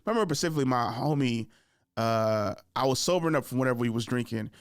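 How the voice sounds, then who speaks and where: A man's voice: medium pitch, lively intonation, fast, smooth, no room sound, clean studio sound. A young adult man hosting a podcast, telling a casual story in loose, profane, laid-back slang. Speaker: podcast host.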